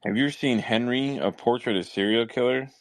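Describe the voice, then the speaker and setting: A man's voice: medium pitch, fairly quick. A man hosting a podcast, telling stories in profane, rambling casual chat. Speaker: podcast host.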